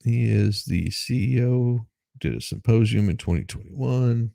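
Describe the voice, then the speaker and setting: A man's voice: mid-range voice, unhurried, gravelly, mellow, dry recording, studio quality. A man hosting his own show, reading news articles aloud and breaking off into sarcastic, rambling asides and self-deprecating remarks. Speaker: host.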